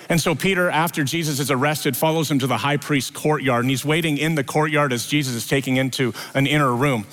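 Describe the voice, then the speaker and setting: A man's voice: fairly even intonation, fairly quick, hardly any pauses, fairly bright tone. Man preaching an Easter sermon. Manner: storytelling, acts out quoted dialogue with lifted pitch. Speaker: pastor. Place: church service.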